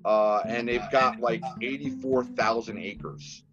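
A man chats loosely on a podcast, telling stories with plenty of laughter. His pitch sits in the middle range. The audio sounds a bit dull and lo-fi, with faint music in the background. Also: slow. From Massachusetts. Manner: animated storyteller, laughs often. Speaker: filmmaker guest. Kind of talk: casual podcast chat.

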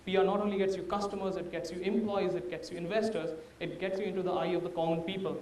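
A man's voice: sits high, steady tone, fast talker, darkish tone, echoey room, recorded from a distance, a little hiss or hum. A man with an Indian accent, a startup founder giving a candid, anecdote-filled talk to an audience. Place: large room before a live audience.

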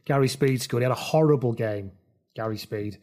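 A mid-pitched man hosts a casual football chat, telling stories and tossing in quick asides. He keeps things moving between guests. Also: darkish tone. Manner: chatty storyteller, quick asides. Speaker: podcast host.

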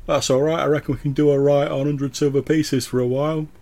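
A man voicing an easygoing bandit calling out from the back of a group in a relaxed, folksy drawl. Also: on the high side, fast talker, voice pushed up, natural voice. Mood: cheerful.

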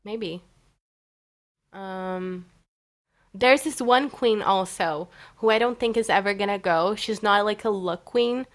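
An enthusiastic woman co-hosting a podcast, chatting casually. Her voice sits at a middle pitch, and she often agrees with quick repeated yeses. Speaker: podcast co-host. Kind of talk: casual chat.

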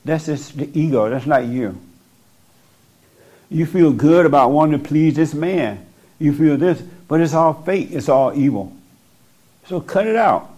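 A man counsels a listener in a preaching manner, blunt and insistent, hammering the same points again and again. His voice sits a little higher than most men's. He talks into a microphone. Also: expressive, measured pace, long pauses, darkish tone. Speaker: spiritual counselor. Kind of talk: preaching counsel to a person in front of him. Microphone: speaking into a microphone.

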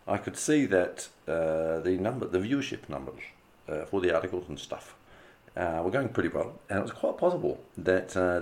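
A man hosting his own audio show, chatting loosely through a month in review, laughing often and swearing casually. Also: low voice. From Australia. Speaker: podcast host.

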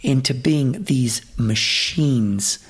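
A man's voice: medium pitch, very slow, breathy edge. A man, a Hollywood fight trainer, telling profane, rambling stories in a casual interview, full of restarts. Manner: profane, rambling, animated anecdotes with many restarts. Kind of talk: casual storytelling in a podcast interview.

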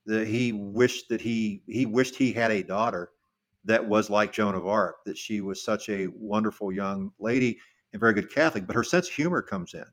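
A middle-aged man co-hosting a podcast, telling a history story in a casual, halting way with many restarts and repeated words. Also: lowish voice, fairly bright tone. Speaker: podcast co-host.

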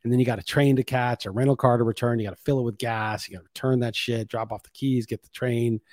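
A man's voice: mid-range voice, steady tone, fast talker, darkish tone, dry recording, clean studio sound. A man in his forties hosting a podcast, rambling and venting with lots of swearing in a casual monologue. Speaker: podcast host.

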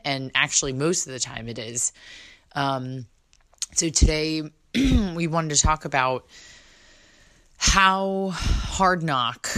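A woman's voice: a bass voice, fairly bright tone, smooth. A woman hosting a podcast in casual chat, bubbly and rambling, laughing often, recorded indoors. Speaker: podcast host. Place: indoors in London.

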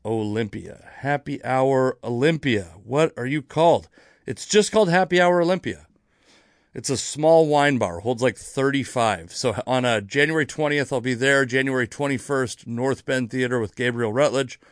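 Near Seattle, a man hosts his own comedy podcast, rambling through dates and topics in casual chat where he corrects himself and curses now and then. His mid-range voice moves at a moderate pace, and the studio sound is clean with no echo.

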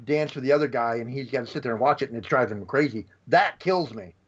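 A man, a podcast guest, talking in an easygoing, halting way, searching for words. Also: mid-range voice, husky, dull audio. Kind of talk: casual film chat.

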